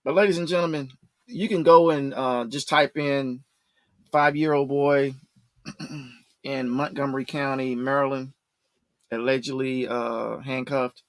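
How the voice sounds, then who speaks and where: A man's voice: medium pitch, fairly even intonation, measured pace, pauses often, no echo. A man co-hosting a casual talk show, retelling stories at length and acting out the quoted dialogue. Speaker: co-host. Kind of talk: casual podcast chat.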